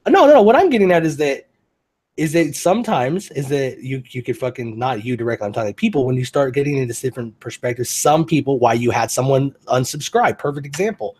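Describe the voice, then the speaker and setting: A man's voice: medium pitch, animated, a little fast, darkish tone, husky. Host: rambling foul-mouthed guy, mid voice. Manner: rambling, profane, restarts sentences. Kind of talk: casual chat.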